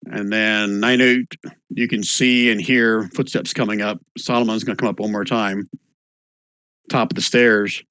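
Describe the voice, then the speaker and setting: A man running an online tabletop game as game master, relaxed and halting, with plenty of fillers, on a computer mic. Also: lowish voice, clear, resonant tone, no room sound. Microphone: computer mic on an online call.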